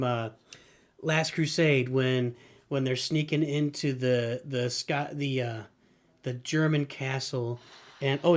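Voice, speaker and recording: Running commentary fills this live game stream, hosted by a middle-aged man with a medium-pitched voice. He frequently talks about himself in the third person by name and now and then erupts in excited yelling.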